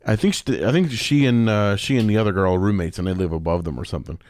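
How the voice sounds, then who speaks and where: A man's voice: lowish voice, fast talker, darkish tone, no room sound. A man co-hosting a podcast, chatting casually and a bit rambling as he recaps a sitcom episode. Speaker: podcast co-host.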